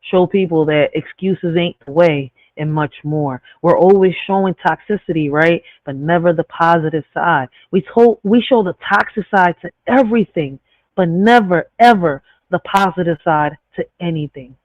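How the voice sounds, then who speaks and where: A man's voice: a little high, normal speed, no room sound. Man reading poetry on a tinny live. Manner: asks rhetorical questions, adds "right?" after his points. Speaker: host of a live stream. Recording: dry tinny phone-like sound.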